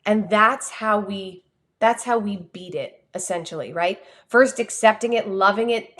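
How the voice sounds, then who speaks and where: A woman with a New Jersey accent, a communication coach giving an energetic, expressive motivational talk on a livestream. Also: mid-range voice, measured pace. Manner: energetic, expressive, talks with her hands.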